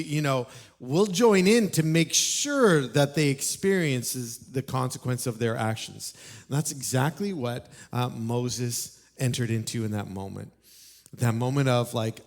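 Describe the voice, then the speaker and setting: A man preaching a sermon in a church, telling the story with animated energy and asking the congregation questions. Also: medium pitch. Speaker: pastor. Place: church auditorium.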